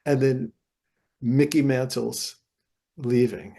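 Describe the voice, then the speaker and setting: An older man with a gravelly, fry-laced voice is a guest in an interview. He tells lively anecdotes and slips into other people's voices as he goes. His pitch sits in the middle for a man. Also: slow pace. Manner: animated anecdotes, acts out voices. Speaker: guest jazz guitarist. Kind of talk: storytelling interview.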